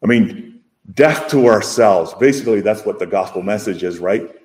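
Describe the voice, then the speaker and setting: A man preaching a sermon, emphatic and full of rhetorical questions, with his voice rising and falling in loudness. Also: fairly low pitch, moderate pace.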